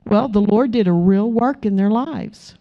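A woman's voice: medium pitch, unhurried. A woman preaching a sermon, telling stories and acting out the voices of the people in them. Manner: animated, acts out voices in her stories. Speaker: preacher, pastor's wife. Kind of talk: sermon with storytelling. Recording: slightly dull lo-fi sound.

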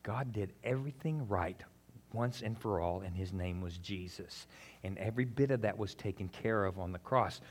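A man preaching with a slightly low voice, chatting with his congregation between points. He pushes hard on some lines and drops to a near hush on others, with plenty of asides and folksy turns of phrase. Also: normal speed, slightly rough. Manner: swings between emphatic and quiet, intimate delivery. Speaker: pastor. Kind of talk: sermon.

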